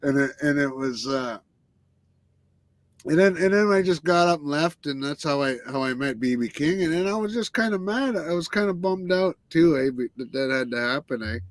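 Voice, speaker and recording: A man's voice: a little high, lively intonation, normal speed, no room sound. Rambling storyteller man, dry sound. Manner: rambling, swears, many restarts and tag "eh". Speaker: guest musician. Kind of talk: casual storytelling.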